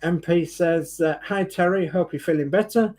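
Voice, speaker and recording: A man's voice: a little high, moderate pace, darkish tone, poor audio. A man co-hosting a live stream, reading out viewers' greetings in a friendly way. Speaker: livestream co-host.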